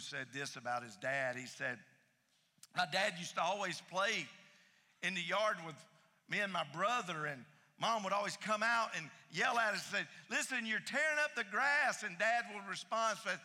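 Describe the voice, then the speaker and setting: Bright-voiced man preaching in a reverberant hall. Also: fairly high pitch. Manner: emphatic preaching, repeats phrases, swings loud and soft. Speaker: pastor. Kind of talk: sermon.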